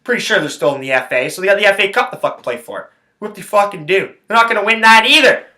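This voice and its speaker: A man on his own sports podcast rants with fury, swearing constantly and hammering the same phrases over and over. His voice sits a bit high for a man and comes out bright and tense. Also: animated, fast. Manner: angry, heavy swearing, repeats phrases. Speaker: podcast host. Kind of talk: profane sports rant.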